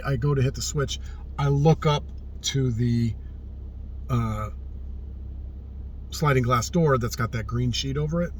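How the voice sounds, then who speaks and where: A man telling a personal story in casual spoken style, earnest and often hushed, swearing freely and repeating phrases for emphasis. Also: medium pitch, a little hiss or hum. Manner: often drops to a hushed, subdued tone.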